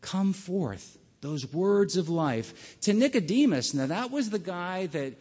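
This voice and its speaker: A man preaching a sermon as pastor, earnest and halting, often restarting his words. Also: high voice, sing-song, warm tone, slightly rough, big-room sound.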